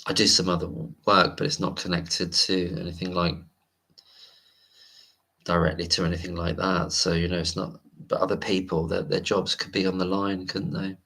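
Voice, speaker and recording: Deep gravelly man chatting late. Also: little pitch movement, normal speed, sharp tone. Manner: rambling, reads viewer comments aloud. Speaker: livestream host. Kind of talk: late-night casual livestream chat.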